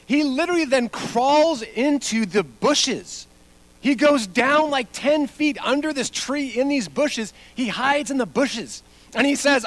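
A middle-aged man delivers a sermon in a fairly high voice, reading scripture before moving into a personal story. He tells it with energy, acting out the quoted lines as he goes. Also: animated, normal speed, a bit bright. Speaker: pastor.

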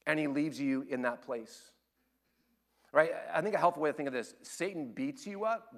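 A pastor preaches a sermon in a mid-range voice at a moderate pace, shifting from loud, excited storytelling to quiet, earnest appeals.

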